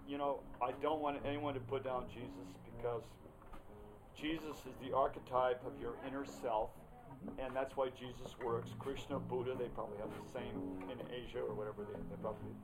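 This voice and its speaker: A man's voice: medium pitch, low-quality recording. An older man from Oregon, a poet performing rambling, profane, theatrical verse and talk over live guitar. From Oregon, United States. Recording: live guitar playing behind. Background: live guitar playing.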